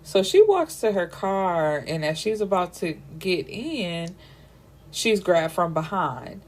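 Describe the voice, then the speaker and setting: A young woman talks through a book in a casual, chatty review, full of slang and side notes. Her voice sits on the lower side for a woman. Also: very animated, takes it slowly, a little mellow. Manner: chatty, giggly asides, slangy.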